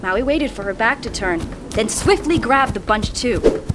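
Woman storyteller, read-aloud legend, lively rising and falling pitch, fairly high voice, music behind. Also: measured pace, heavy background noise.

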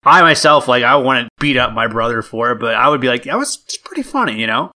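A man co-hosting a casual podcast, chiming in with dry jokes and relaxed stories. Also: medium pitch, quick pace. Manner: dry joking interjections, laid-back. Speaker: podcast co-host. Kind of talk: casual chat.

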